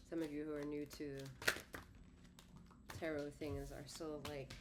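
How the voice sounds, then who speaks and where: Low-voiced woman giving a rambling tarot reading. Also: level tone, moderate pace, pauses often, heavy background noise. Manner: rambling, self-correcting, conversational; slightly lisping, slurred words. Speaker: tarot reader and healer. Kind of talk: solo tarot reading to camera.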